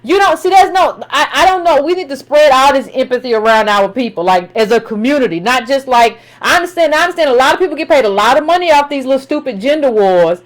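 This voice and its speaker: A woman with a high voice hosts a call-in talk show. She speaks in a casual, animated way, circling back to the same point again and again. Her speech is full of "like". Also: fast, hardly any pauses, rough recording. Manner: animated, repeats herself for emphasis, frequent "like".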